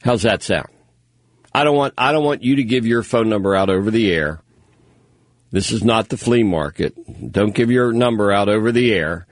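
Male call-in radio host, animated chatty storyteller, dry studio sound. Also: lowish voice, normal speed, no echo. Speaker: radio talk show host. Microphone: studio microphone.

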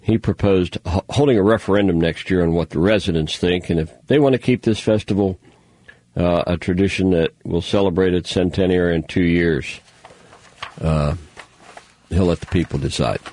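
A man's voice: sits low, moderate pace, a little mellow, no room sound. A man hosting a talk show, rambling through news stories with sarcastic, mocking asides. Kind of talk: casual news commentary monologue.

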